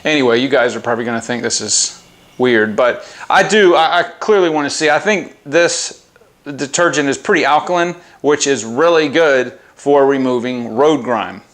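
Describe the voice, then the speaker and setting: Casual male vlogger, mid-pitched, chatty and giggly, talking straight to camera. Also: normal speed, a bit bright. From United States. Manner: giggly, keeps breaking into laughter; chatty and informal, addresses viewers as guys. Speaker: car care product reviewer. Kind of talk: casual product review vlog. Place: outdoors by a house and driveway.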